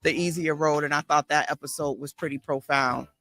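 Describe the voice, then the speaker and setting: A woman's voice: low-pitched, steady tone, brisk, fairly bright tone, no room sound. A woman therapist and life coach hosting a podcast, thoughtfully recalling a past conversation on a video call. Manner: reflective, thoughtful recollection. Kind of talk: casual interview conversation.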